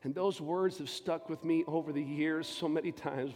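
High-voiced man preaching in his forties. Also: steady tone, normal speed. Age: 40s. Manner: impassioned personal testimony, swinging between loud and hushed. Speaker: pastor. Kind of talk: sermon. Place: church sanctuary. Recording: long church reverb with faint music.

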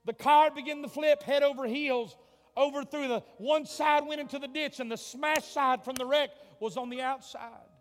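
A male preacher telling a story in a revival sermon, dramatic, swinging from hushed tones to shouts. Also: very high voice, steady tone, moderate pace. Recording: long hall reverb, faint music.

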